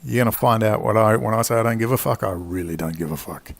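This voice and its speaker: A man's voice: lowish voice, fast, creaky. A man, from Australia, delivering an angry, profane, rambling monologue as a commentator. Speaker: independent commentator. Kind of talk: ranting monologue.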